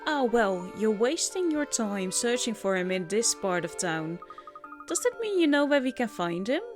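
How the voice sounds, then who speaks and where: A woman's voice: on the high side, very animated, normal speed, over music, pitched below the performer's own voice. A woman voicing a sly, teasing old man in a video game, old-fashioned in manner.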